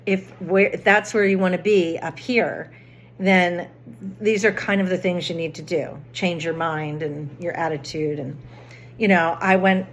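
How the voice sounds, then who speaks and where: A woman's voice: on the low side, fairly even intonation, a little slow, slight background noise. A woman vlogger chatting casually, rambling through a personal story with many restarts and fillers.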